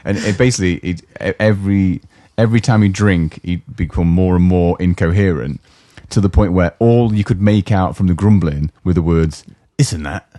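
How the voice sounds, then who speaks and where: A man's voice: low voice, moderate pace, hardly any pauses, warm tone, no echo, clean studio sound. A man from the co-hosting a podcast, rambling through stories in casual chat and acting out the people he describes. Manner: rambling storyteller, acts out voices of people he describes. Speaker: podcast co-host. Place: indoor podcast studio.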